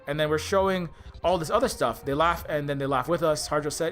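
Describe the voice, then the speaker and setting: A man's voice: on the high side, brisk, a bit bright, soft background music. A man from Hawaii giving earnest, rambling video commentary, reading quotes aloud as he goes. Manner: earnest, rambling, often restarts mid-thought. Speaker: indie game developer.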